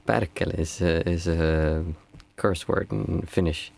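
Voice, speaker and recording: This man, a meditation teacher from Sweden, talks with viewers on a livestream in a relaxed, reflective way and reads chat messages aloud. He has a low, steady, creaky voice with a darkish tone.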